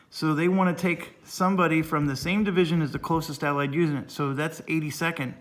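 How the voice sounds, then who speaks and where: A man's voice: a little high, steady tone, a little fast, hardly any pauses. A man talking through a solo board game playthrough, reading rules aloud and thinking through his moves, coughing a little.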